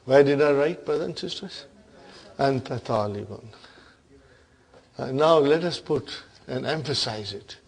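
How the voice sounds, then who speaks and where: A man's voice: mid-range voice, expressive, a little slow, gravelly, long pauses, slightly rough. A man teaching an Arabic grammar class, who keeps checking in with his students and leads them in repeating phrases back to him. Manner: drills the class in call-and-response.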